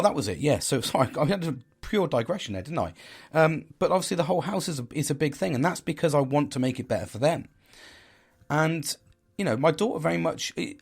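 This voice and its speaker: A man's voice: mid-range voice, slightly rough. Blunt, rambling man who swears a lot. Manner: swears freely, rambling with restarts; candid, blunt and laughing at himself. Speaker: podcast host. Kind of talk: casual chat.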